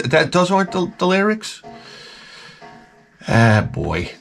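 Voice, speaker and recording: A man's voice: high voice, huge pitch swings, slow, gravelly, pauses often, a bit bright, faint music behind. A man vlogging in a rambling, profane monologue, swearing often and breaking into mouth sound effects. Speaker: retro gaming vlogger.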